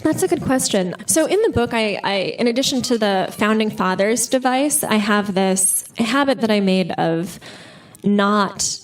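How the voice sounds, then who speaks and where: A woman author talks through her stories with quick, lively energy, scattering "like" and "you know" as she goes. Her voice sits at a middle pitch. The mic sits some way off in a bookstore with an audience. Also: a little hiss or hum. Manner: animated storyteller, full of "like" and "you know". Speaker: author guest. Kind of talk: live interview conversation. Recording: distant mic at live event.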